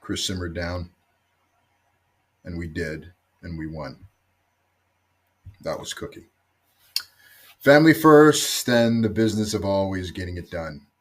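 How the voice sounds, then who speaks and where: Husky low-voiced man giving a tribute. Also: lively intonation, measured pace, pauses often. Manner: reflective, gently storytelling, voice dropping low at phrase ends. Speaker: former rugby teammate giving a tribute. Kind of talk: recorded memorial tribute.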